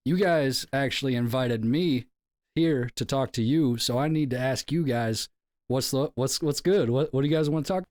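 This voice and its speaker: A man's voice: medium pitch, normal speed, darkish tone. Laid-back male podcast host. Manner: laid-back, rambling with fillers. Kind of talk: casual chat.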